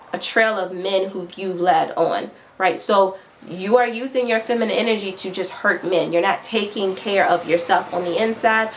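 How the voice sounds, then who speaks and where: A woman coach talks straight to her viewers in a mid-pitched voice and keeps asking "right?" as she makes her points. Her phrases come round again and again. A faint hiss runs under the recording. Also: rough recording. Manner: direct, repeats phrases and asks "right?"; acts out quoted voices with raised pitch. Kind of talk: instructional talk to viewers.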